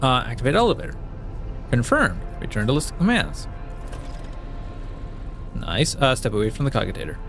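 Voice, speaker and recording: A let's play streamer with a gravelly, mid-range male voice and a slightly bright edge chats casually over a game, his pitch swooping wildly at a normal speed with long pauses. He rambles through the on-screen text, full of fillers and restarts, attempting silly put-on accents and laughing at how badly they fail. Soft music plays in the background.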